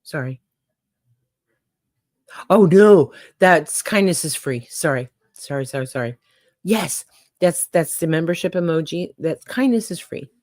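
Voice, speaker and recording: A woman's voice: sits low, moderate pace, no room sound, clean studio sound. Folksy older woman chatting to her stream. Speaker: livestream host. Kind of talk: casual livestream chat.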